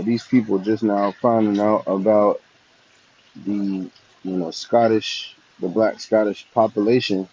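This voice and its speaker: A man hosting religious commentary, talking haltingly and leaning on fillers. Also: on the low side, mellow. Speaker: host. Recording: dull lo-fi audio.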